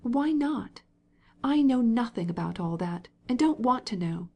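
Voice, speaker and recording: A woman's voice: animated, measured pace, a little mellow. A woman voicing Kitty, an indignant young wife. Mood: insistent. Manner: pleading, insistent, raised pitch. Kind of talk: audiobook character reading.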